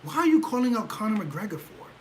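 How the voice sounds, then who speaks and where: A man hosting a casual livestream, talking in an animated, rhetorical way and often asking "right?" for agreement. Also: sits high, quick pace, rough recording. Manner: gets loud and excitable. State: leg cramp. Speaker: livestream host.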